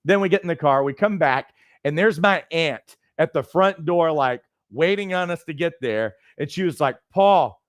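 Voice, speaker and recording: Man, life coach teaching, animated storyteller, slightly high pitch, dry close sound. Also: moderate pace, few pauses, no room sound. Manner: conversational, lots of fillers and restarts, animated storytelling. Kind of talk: teaching talk with personal stories.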